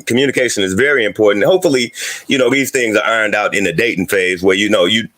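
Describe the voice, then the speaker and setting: A man's voice: lowish voice, quick pace, fairly bright tone. A man in a casual group discussion, explaining with restarts and little laughs. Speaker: guest.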